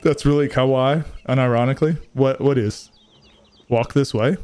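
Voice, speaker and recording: A man's voice: medium pitch, steady tone, moderate pace, a little mellow, clean tone. A young man streaming a game late at night, chatting casually with his viewers, rambling and joking, swearing freely, and sounding a bit tired. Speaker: gaming streamer. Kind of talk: casual live-stream chat.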